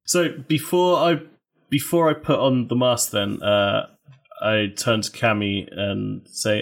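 A man playing a tabletop game, measured and a bit hesitant, choosing words carefully. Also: fairly low pitch, fairly even intonation, vocal fry. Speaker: player. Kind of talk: tabletop role-play chat.

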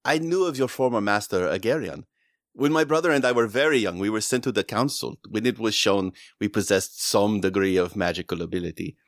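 A man voicing a gracious young queen who speaks formally and warmly in a tabletop game. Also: lowish voice, fairly quick, no echo, clean studio sound, natural voice. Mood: courtly. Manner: formal, courtly.

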